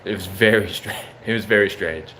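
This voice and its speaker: A man's voice: sits low, normal speed, bright, forceful tone, slight background noise. A young man casually telling a story, loose and profane, saying bro often.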